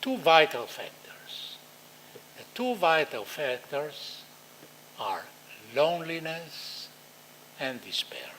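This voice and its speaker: A man with an Israeli accent giving a conference talk, animated and acting out quoted dialogue. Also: on the high side, a little hiss or hum, low-quality recording. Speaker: lecturer.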